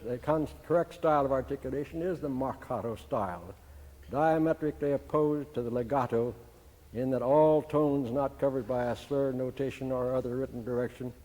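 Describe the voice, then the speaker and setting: An older man from the United States, a band conductor, giving a measured, didactic talk and singing syllables to demonstrate. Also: medium pitch, dark tone, big-room sound. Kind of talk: instructional talk.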